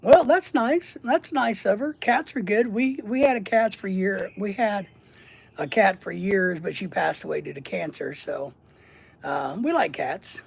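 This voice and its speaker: A man's voice: high voice, unhurried, vocal fry, husky. A middle-aged man hosting a casual livestream, rambling and joking as he reads and answers the chat. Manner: rambling, jokey, repeats words and lists. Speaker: livestream host reading chat.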